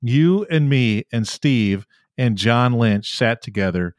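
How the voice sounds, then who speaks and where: A man's voice: medium pitch, animated, slow, dry recording, clean studio sound. Enthusiastic podcast host man. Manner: enthusiastic storyteller. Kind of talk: podcast conversation.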